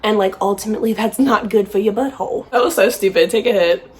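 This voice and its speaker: Giggly, profane woman chatting while high. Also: quick pace. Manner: high and easily distracted. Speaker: vlogger and podcast host. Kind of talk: casual chat while smoking.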